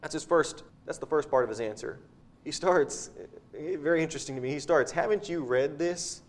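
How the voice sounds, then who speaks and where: A man's voice: on the high side, a little fast. A man preaching a sermon in a conversational way, often repeating words as he explains scripture.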